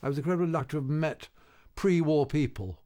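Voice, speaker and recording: A man's voice: on the high side, quick pace, mellow. An older man, a radio interview guest, telling wry stories in an anecdotal way with hesitant restarts.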